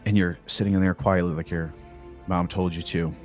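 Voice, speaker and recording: A man's voice: sits low, flat delivery, moderate pace, soft background music. A man narrating a tabletop game as game master, describing scenes in a casual, rambling way full of likes and uhs.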